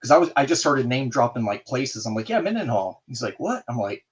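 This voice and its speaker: Guy on a video call telling a story, does everyone's voices, super animated. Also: mid-range voice, fairly quick. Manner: animated, acts out both sides of a conversation. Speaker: guest in a group video chat. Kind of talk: casual storytelling.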